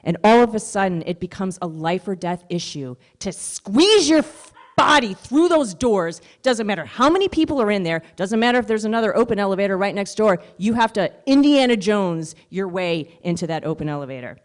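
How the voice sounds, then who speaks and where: A woman stand-up comedian telling stories on stage in a chatty, animated way. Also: mid-range voice, fairly quick. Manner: conversational, animated storytelling. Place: stage at a live comedy showcase.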